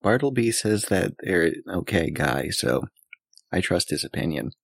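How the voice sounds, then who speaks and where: A man with a deep, gravelly, husky voice speaks in character during a tabletop game. He sounds deadpan and mock-indignant. The sound is dry and close. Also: normal speed, no echo. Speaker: player. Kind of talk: tabletop game role-play.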